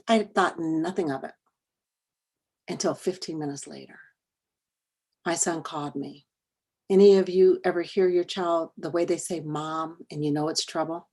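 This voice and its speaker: Middle-aged woman workshop presenter, husky and fairly low, chatty storytelling to parents. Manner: conversational, repeats words while telling a personal story. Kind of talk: storytelling talk to parents and educators.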